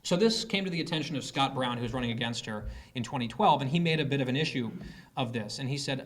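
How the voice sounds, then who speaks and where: A man's voice: medium pitch, fast talker, a bit bright. A man giving a political speech to a live audience, telling a story with sarcasm and mocking quoted voices. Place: conference hall.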